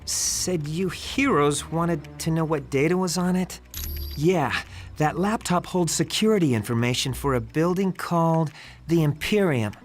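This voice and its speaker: A jittery male informant from a video game hedges and stumbles through his words, voiced by a man. His voice sits a little high. He sounds shifty and eager to please. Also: a little slow, natural voice. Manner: hesitant, filler-heavy, shifty.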